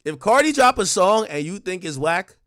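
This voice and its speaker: Man, high-pitched, bright tone, dry close sound, casual stream commentary, laughs a lot. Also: normal speed, no echo. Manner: animated, laughing often, mocking fans in exaggerated voices. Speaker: stream co-host. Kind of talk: casual commentary on music and rappers.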